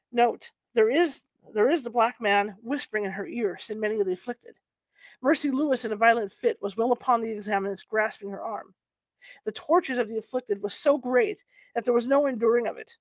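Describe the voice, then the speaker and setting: Lady host reading an old book out loud, slightly high voice, chatty asides, trips over old words, dry close sound. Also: no room sound. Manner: chatty asides between halting read-aloud passages. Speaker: host of a paranormal reading channel. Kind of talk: reading a historical book aloud.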